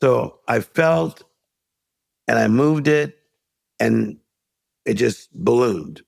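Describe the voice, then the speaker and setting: A man's voice: medium pitch, lively intonation, very slow, vocal fry, a little mellow, dry recording. A middle-aged man, a life coach guest, telling a story in an interview and acting out the voices of the people in it. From United States.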